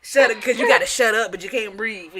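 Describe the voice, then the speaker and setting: A woman in her thirties co-hosts a casual podcast chat with a crisp, bright tone. She tells stories with lots of energy and acts out the lines people said to her, laughing along. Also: medium pitch, normal speed. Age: 30s. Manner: animated storytelling, acts out quotes with laughter. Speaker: podcast co-host. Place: Atlanta.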